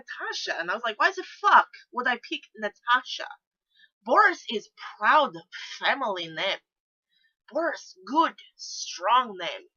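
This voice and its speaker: A woman's voice: medium pitch, pushed and bright. A woman doing a put-on Russian accent in blunt, broken English, playing a brash storyteller. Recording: dull lo-fi recording.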